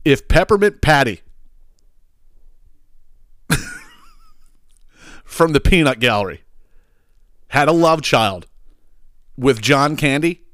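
A man's voice: mid-range voice, lively intonation, takes it slowly, long pauses, fairly bright tone, no room sound, clean studio sound. A man, hosting a comedic solo rant, swearing and exasperated. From Philadelphia area. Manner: profane, exasperated ranting with chuckles. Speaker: podcast host.

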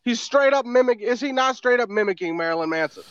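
High-voiced, scornful male co-host. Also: lively intonation, fast, fairly bright tone, clean tone, no room sound, lo-fi sound. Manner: blunt, scornful, heavy swearing. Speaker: podcast co-host. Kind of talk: casual music-review banter.

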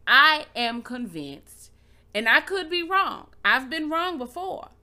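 A woman's voice: high-pitched, sing-song, slow, pushed and bright. A woman in a casual faith conversation, reasoning aloud and insisting on being heard.

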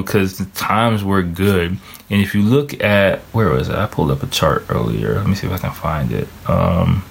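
A man's voice: sits low, vocal fry. A man in a casual solo monologue, rambling with heavy swearing and thinking aloud as he searches online. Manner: stops to search charts online while talking.

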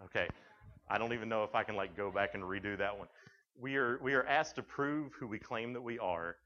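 A man's voice: fairly low pitch, a little fast, bright, forceful tone. A young man from Tennessee with a Southern accent, giving a humorous talk to students and acting out conversations as he tells stories. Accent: Tennessee Southern American. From Tennessee, USA. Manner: joking storyteller who acts out dialogue. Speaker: youth speaker. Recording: dull lo-fi recording.

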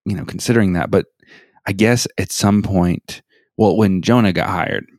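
A young man co-hosting a podcast in casual chat, speaking in a halting, self-conscious way with many restarts. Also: low voice, a little mellow, dry recording, studio quality. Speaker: podcast co-host.

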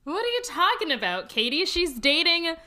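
A playful young woman co-hosting a casual podcast, cracking jokes and laughing through her recap. Her voice sits high and sounds very bright. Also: very animated, normal speed. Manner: playful, jokey, does mock voices and laughs. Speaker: podcast co-host. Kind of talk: casual chat recapping a sitcom.

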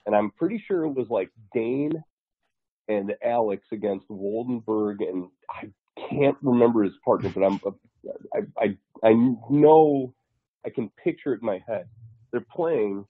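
Low-voiced man on a tinny line. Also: lively intonation, unhurried, husky, no echo. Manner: rambling, many fillers and restarts. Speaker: podcast co-host. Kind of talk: casual chat. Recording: tinny phone-like line, dry.

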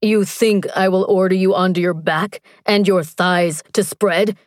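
A woman voicing a fierce, hulking barbarian warrior man in an audiobook, with low, intense, commanding delivery. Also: steady tone, a little slow, no echo, studio quality, lightly acted. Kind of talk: audiobook character voice.

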